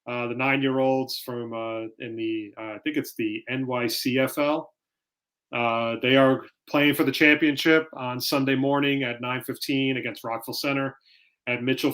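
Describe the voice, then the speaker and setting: A man chats on a casual podcast. He tells stories in an animated way and acts out what people said. His voice sits at an ordinary middle pitch. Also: normal speed. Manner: animated storytelling, acts out quoted lines. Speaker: podcast co-host. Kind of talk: casual chat.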